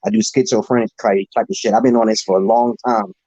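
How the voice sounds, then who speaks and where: Man, livestream host, casual chat, fast talker, profane, rambling, boastful, mellow tone, dull dry phone audio. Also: fairly low pitch, fairly even intonation, breathy edge, no echo. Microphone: phone, streaming from a mobile.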